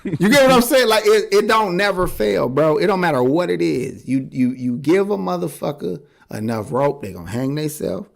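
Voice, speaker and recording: A man talking on a podcast with a fairly high voice that rises and falls a lot. He rants bluntly in casual chat, swearing freely and hammering his points home. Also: normal speed, gravelly. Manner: animated, profane, blunt ranting. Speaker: podcast co-host.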